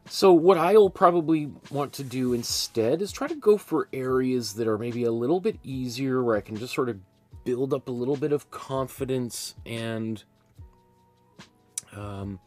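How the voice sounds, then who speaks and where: A man's voice: medium pitch, animated, moderate pace, darkish tone, faint music behind. A man hosting a live painting class from his studio, talking in a chatty, rambling way and often laughing at himself. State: hiccups. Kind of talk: casual live-stream teaching. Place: art studio.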